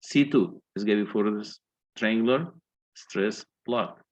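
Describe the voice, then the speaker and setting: On dull audio, a man with a lowish voice delivers an engineering lecture at a measured pace. He methodically works through calculations one step at a time and poses questions to the class.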